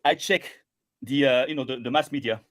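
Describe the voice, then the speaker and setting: A man's voice: medium pitch, brisk. A man guest in a heated debate, stammering and repeating words as he pleads to be let finish. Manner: keeps stammering restarts, pleads to be heard.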